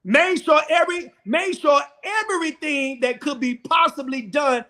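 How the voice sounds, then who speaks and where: High, bright-voiced preaching man. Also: moderate pace. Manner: emphatic, repeats phrases, rising to shouts. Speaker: apostle hosting a men's round table. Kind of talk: impassioned preaching-style talk.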